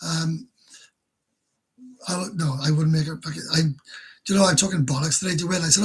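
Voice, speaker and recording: A man's voice: on the high side, fairly even intonation, moderate pace, pauses often, slightly rough, low-quality recording. A man with a Welsh accent hosting a live stream, chatting casually and reading out viewer comments in a blunt, rambling, self-mocking way.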